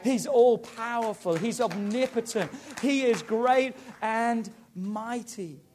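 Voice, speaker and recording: Pastor, male, high-pitched voice, emphatic sermon delivery. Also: slow, a little hiss or hum. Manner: emphatic, building to loud preaching.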